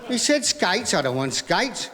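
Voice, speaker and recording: A man doing stand-up comedy, telling joke after joke in a brisk patter full of "he said", recorded live on stage. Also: high voice, animated, crowd noise. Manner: rapid gag patter with repeated "he said". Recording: live vinyl recording in a hall with audience laughter.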